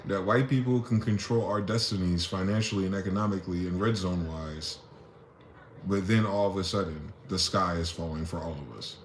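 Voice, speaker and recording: A man's voice: low-pitched, moderate pace, a little hiss or hum. A man delivering an impassioned, profane solo rant, firing off rhetorical questions. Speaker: vlogger. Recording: echoey room.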